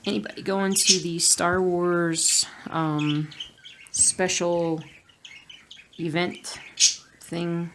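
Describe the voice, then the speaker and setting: Rambling low-voiced woman stitching at home. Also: flat delivery, very slow, long pauses, a bit bright. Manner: rambling, hums nonsense sounds. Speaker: cross-stitch vlogger. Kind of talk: casual chat while stitching. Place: home at night. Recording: noisy home recording with birds.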